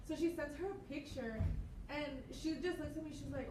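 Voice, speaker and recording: A female student in a classroom, telling a lively story and acting out the voices of the people in it. Her voice is fairly high and picked up from across an echoey room. Steady background noise sits under it. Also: brisk. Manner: animated storyteller, acts out quoted lines. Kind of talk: casual classroom anecdote. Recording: echoey room, far from the mic, noisy.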